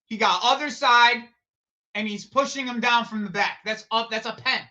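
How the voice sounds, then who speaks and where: Guy on a football watch stream, cussing and rambling, repeats stuff, bright sharp voice. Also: very high-pitched, moderate pace, highs cut off. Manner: rambling and profane, repeats phrases, blurts reactions to play. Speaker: live stream host. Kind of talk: casual football watch-along chat.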